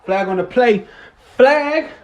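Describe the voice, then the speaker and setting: A man giving live play-by-play and reaction to a football game, excitable, swinging from muttering to shouting and cussing, talking while eating. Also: very high-pitched, takes it slowly, echoey room, highs cut off.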